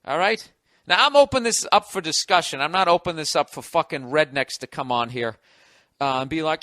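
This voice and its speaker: A man's voice: on the high side, animated, brisk, sharp tone, dry recording, clean studio sound. A middle-aged American man hosting a podcast, delivering a sarcastic, profane comedic rant. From United States. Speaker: podcast host.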